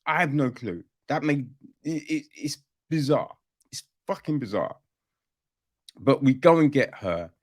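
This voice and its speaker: A man's voice: mid-range voice, lively intonation, measured pace. A man reviewing a film on a podcast in casual chat, rambling and swearing freely as he picks it apart.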